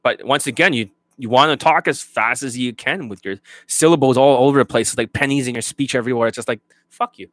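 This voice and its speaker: A man's voice: mid-range voice, quick pace, few pauses, a bit bright, dry recording. Blunt, profane male dating coach. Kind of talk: coaching rant.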